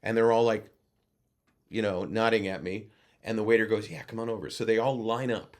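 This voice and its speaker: A man, a guest actor and voice-over coach, telling lively anecdotes in a casual interview over a video call. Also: on the low side, normal speed. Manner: animated anecdote teller who acts out other voices.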